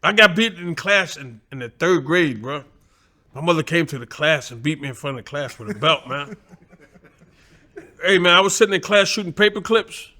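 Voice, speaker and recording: An older man, a former boxer, telling stories in casual chat, animated and profane, acting out voices and sounds as he goes. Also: on the high side, normal speed. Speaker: guest, former boxer and trainer.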